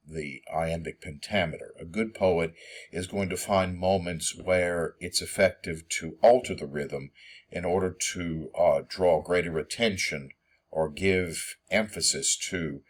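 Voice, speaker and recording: Man, very low voice, unhurried, hesitant lecturer, measured verse reading. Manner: hesitant, many ums and uhs. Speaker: teacher. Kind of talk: poetry lecture.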